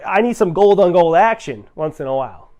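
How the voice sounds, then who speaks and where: A man with a slightly high voice smugly dishes out crude gossip. He delivers it in a deadpan, improvised mockumentary style. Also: brisk, dull audio. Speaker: comedy troupe performer. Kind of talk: improv mockumentary band interview.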